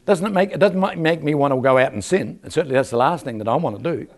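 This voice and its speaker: A man preaches a sermon in a church, telling stories, posing rhetorical questions, and asking the congregation for an amen. His voice is a little high, expressive, and quick.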